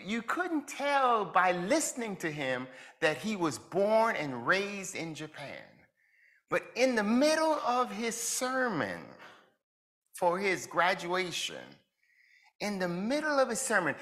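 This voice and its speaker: A man's voice: high-pitched, a bit bright. A man from Jamaica, preaching a conversational sermon who asks his listeners reflective questions and chuckles between points.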